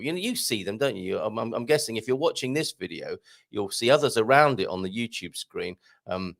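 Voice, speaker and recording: Hoarse, chatty man hosting. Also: lowish voice, lively intonation, brisk. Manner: chatty, joking, rambling with fillers. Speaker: host. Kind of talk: casual live-stream chat.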